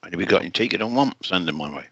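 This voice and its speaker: Co-host, male, lower voice, bright tone, casual joking banter. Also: expressive, rapid-fire, dry recording, lo-fi sound. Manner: joking, chimes in with opinions. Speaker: co-host on a livestream. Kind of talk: casual live-stream chat.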